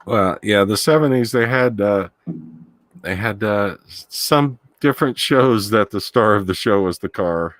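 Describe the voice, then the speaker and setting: A man's voice: fairly low pitch, no echo, clean studio sound. A man co-hosting a casual movie commentary, cracking jokes. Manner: slow, jokey, animated delivery.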